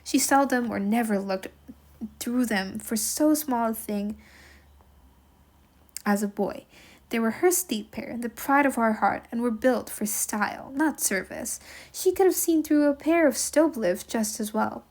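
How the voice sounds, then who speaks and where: Woman reading a book aloud for a class, higher voice, chatty, thinks out loud a lot. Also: a little slow. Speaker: teacher reading a novel aloud. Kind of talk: read-aloud lesson with commentary.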